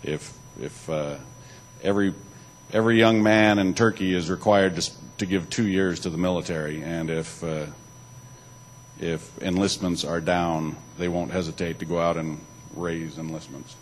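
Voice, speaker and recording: A man's voice: low-pitched, fairly even intonation, moderate pace, slight background noise, rough recording. A man giving a church talk, alternating between reading aloud and loose spoken asides, with occasional restarts. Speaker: church speaker.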